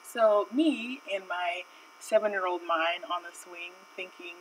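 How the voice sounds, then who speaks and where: A woman's voice: fairly low pitch, unhurried, far from the mic, a little hiss or hum, poor audio. A woman streaming while she draws, telling a personal story in a rambling, chatty way with lots of fillers. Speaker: art streamer. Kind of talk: casual live-stream storytelling.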